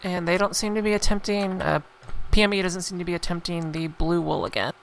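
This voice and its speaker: Low gravelly woman co-commentator. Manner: measured, explanatory, many ums and uhs. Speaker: match co-commentator. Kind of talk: live esports commentary. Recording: faint background noise.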